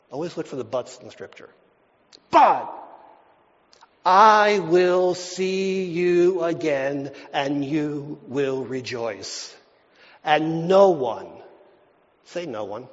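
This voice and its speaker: A man preaching a sermon, repeating phrases for emphasis and swinging between loud declarations and near whispers. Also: a little high, very slow, long pauses. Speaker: pastor. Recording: dull lo-fi hall recording.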